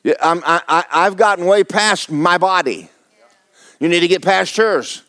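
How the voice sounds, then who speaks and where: A man's voice: sits high, measured pace, bright, forceful tone. A man, preaching a folksy, joking, emphatic sermon as pastor. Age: 70s.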